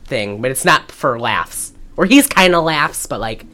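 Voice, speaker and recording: In a rumbling low voice at a measured pace, a podcast co-host chats casually through a movie's story. She gets animated, performing the characters' lines as she recaps.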